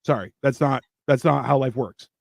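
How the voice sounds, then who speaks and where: A man's voice: medium pitch, normal speed, vocal fry, no echo, clean studio sound. A man hosting a casual podcast chat, talking bluntly with lots of swearing and emphatic repeats. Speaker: host.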